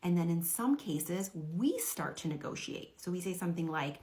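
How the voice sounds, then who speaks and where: A woman's voice: on the low side, lively intonation, moderate pace, hardly any pauses, darkish tone. A woman who works as a parenting coach, giving direct, earnest advice to camera.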